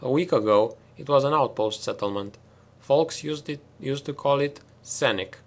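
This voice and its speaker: A hard, commanding female marine lieutenant barks clipped, sardonic orders at her squad, as a man reading a sci-fi audiobook puts her on. She speaks louder and a touch higher than the reader's own voice, with a cold bite under the authority. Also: moderate pace, lightly acted.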